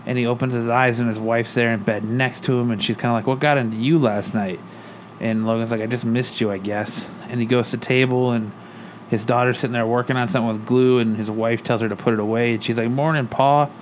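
A man's voice: medium pitch, level tone, fast talker. Man, podcast co-host, casual comic recap, slight background hiss. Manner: retells the plot, reading character lines in his own voice.

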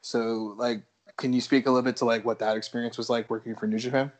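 A man hosting a podcast, asking a guest a casual, halting question with false starts. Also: medium pitch, flat delivery. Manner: halting, restarts his questions. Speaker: podcast host.

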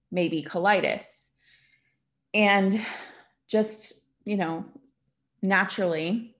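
A woman with a somewhat low voice hosts her own podcast as a casual, confessional chat. She rambles candidly, leans on fillers, and retells conversations in her own words, as if talking to a friend over coffee. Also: fairly bright tone. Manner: candid and rambling, with many fillers and retold dialogue. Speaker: podcast host.

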